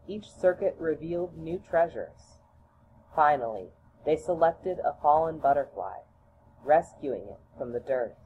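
A woman reads a children's storybook aloud in a low voice, slow and deliberate. The audio is tinny and phone-like, with a faint hiss underneath.

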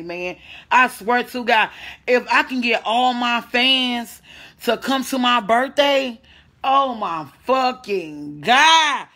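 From home in St. Louis, a Midwestern woman hosts a casual livestream, brash and profane, reading viewer comments aloud and answering them. Her voice sits on the high side, pushed and bright.

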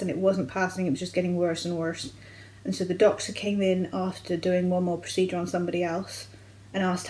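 A young adult woman vlogger, from the United Kingdom, recounting a personal medical experience in a candid, halting way with frequent restarts. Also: fairly low pitch, darkish tone, poor audio. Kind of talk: personal storytelling vlog.

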